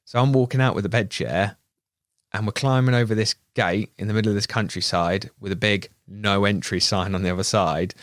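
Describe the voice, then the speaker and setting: English man, low voice, dry close mic, chatty storyteller who mimics voices. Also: a little fast, no room sound. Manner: animated anecdote teller, laughs, mimics voices. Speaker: videographer. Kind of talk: casual storytelling chat. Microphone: studio podcast mic.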